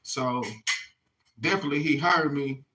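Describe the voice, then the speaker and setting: A man vlogs to his viewers in a rambling, casual monologue, swearing freely and looping back with "you hear me". His voice sits a little high and rings bright and sharp. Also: normal speed, poor audio. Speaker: vlogger.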